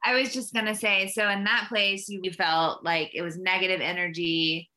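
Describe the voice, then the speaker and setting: A woman co-hosting a casual chat, recapping the story and checking details in a measured way. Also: on the low side, flat delivery, bright, forceful tone.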